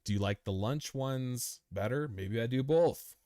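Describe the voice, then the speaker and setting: A man's voice: medium pitch, a little slow, mellow, no echo, clean studio sound. A man hosting a crypto live stream, chatting casually and answering viewer comments in a rambling, chummy way, worn out after a long session. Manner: laid-back, rambling, chummy, calls viewers dude.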